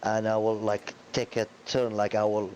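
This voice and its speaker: A man's voice: fairly low pitch, completely flat delivery, moderate pace, a little mellow, highs cut off, slight background noise. A man playing a tabletop game, hesitantly planning his moves aloud with "like" and "uh". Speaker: player. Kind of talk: casual tabletop play.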